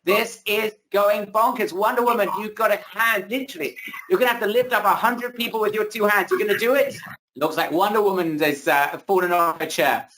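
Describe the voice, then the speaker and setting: A man hosting a webinar, giving a pushy, excited sales pitch over a video call while his voice is wearing out. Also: a little fast, a little hiss or hum. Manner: hyped, pushy salesman hype. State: losing his voice. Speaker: webinar host. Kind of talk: hard-sell webinar pitch.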